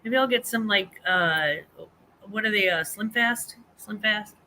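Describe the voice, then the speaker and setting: A woman's voice: mid-range voice, measured pace, sharp tone, slight background noise. A middle-aged woman hosting a casual live chat stream from home, rambling and reading comments, laughing often and restarting her sentences.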